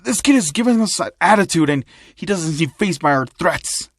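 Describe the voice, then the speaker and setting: A man's voice: a little high, animated, normal speed, a bit bright, no room sound. A man voicing a deferential male thug underling in a fan-made story reading.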